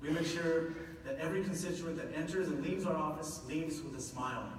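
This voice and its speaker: A man's voice: a little high, fairly even intonation, fairly quick. Brief: an earnest male speaker in a long-reverb hall, faint room noise behind. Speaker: public speaker from a government office. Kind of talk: prepared public talk. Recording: echoey hall from far off.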